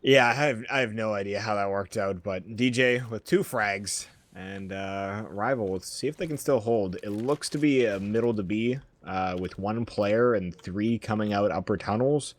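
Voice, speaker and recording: A man giving measured play-by-play commentary on a competitive match, with a wry edge. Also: on the low side. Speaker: esports caster.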